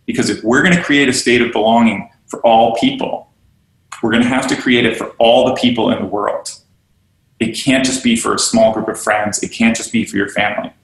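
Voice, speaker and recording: A lowish, slightly bright voice with fairly even intonation comes from a podcast guest who owns a yoga studio and trains teachers, speaking at normal speed. He talks about teaching and belonging earnestly and animatedly, frequently acting out quoted voices, and the recording has a roomy echo.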